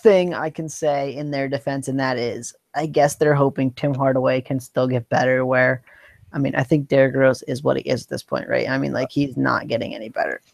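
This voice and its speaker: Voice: mid-range voice, a little fast, gravelly, no room sound. A co-host in a casual sports chat, easygoing and teasing. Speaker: podcast co-host.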